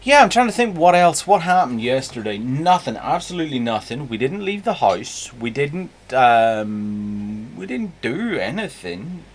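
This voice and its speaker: A man's voice: mid-range voice, big pitch swings, measured pace, few pauses, slight background noise. A man with a Northern Irish accent hosting a live stream, chatting casually and greeting viewers by name. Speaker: streamer host.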